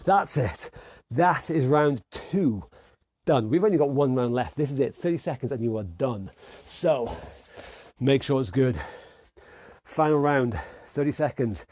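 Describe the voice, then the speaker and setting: A man's voice: mid-range voice, animated, unhurried, a little mellow, slight background noise. Encouraging male fitness coach. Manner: upbeat, encouraging, calls out moves and counts. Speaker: fitness instructor. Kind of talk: online workout class coaching.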